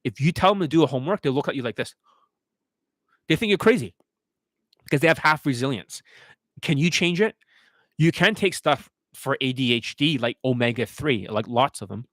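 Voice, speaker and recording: A man's voice: mid-range voice, animated, moderate pace, pauses often, fairly bright tone, no room sound. A man giving a profane, scornful monologue as a dating coach, ranting aggressively.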